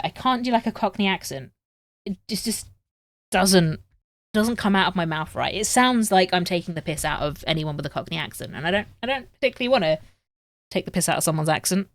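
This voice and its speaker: A woman's voice: medium pitch, lively intonation, brisk, no echo. A woman chatting casually on a live stream while she sews at home, joking at her own expense and swearing freely. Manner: chatty, self-mocking and swearing.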